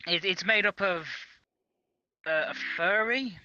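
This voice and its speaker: A man playing a field reporter in a comedy improv, halting and swearing as he goes. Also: sits high, pushed and bright, clean tone, no echo, dull audio. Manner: halting, swearing, repeats himself.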